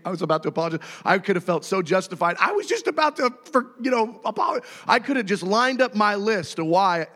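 Male pastor, thirties, animated sermon delivery, reverberant hall. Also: high-pitched. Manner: animated storytelling, acting out voices.

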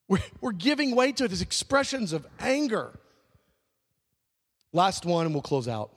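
A man preaching a sermon as pastor, animated, swinging into loud high-pitched emphasis. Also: measured pace, long reverb tail.

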